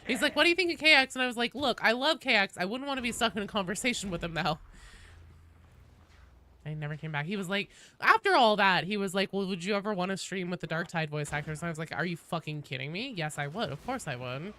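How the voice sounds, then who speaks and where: Sick woman streamer chatting away, bright voice that swoops up and down, faint noise behind. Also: lowish voice, lively intonation, quick pace. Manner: chatty, jumps between game and chat. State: sick with a cold. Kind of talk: casual gameplay streaming.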